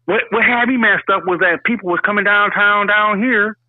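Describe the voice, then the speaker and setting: A man in casual chat, talking loudly and profanely and laughing often. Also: high voice, moderate pace, no echo, phone-quality sound.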